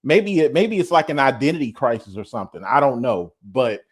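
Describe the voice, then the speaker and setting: A man's voice: medium pitch, a little fast, breathy edge. A man chatting casually as co-host, loose and rambling with lots of fillers and restarts. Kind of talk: casual gossip chat.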